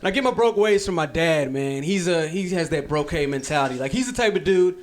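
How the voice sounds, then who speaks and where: A man's voice: on the high side, lively intonation, a little fast, a crowd in the background. A man performing stand-up comedy, telling stories in a loose, conversational way. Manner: loose, conversational storytelling with repetition.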